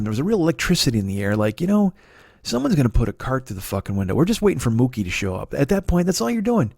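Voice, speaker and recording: A 40-something comedian delivers a profane storytelling monologue, ranting more and more as he shouts the quotes in his retelling. His mid-range voice is creaky, recorded in the studio with no echo.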